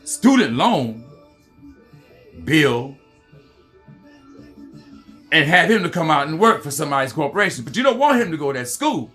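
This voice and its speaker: A man's voice: fairly high pitch, fairly bright tone. A man from the United States hosting a heated political commentary rant, swearing often and repeating "you know what I mean". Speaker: commentary host.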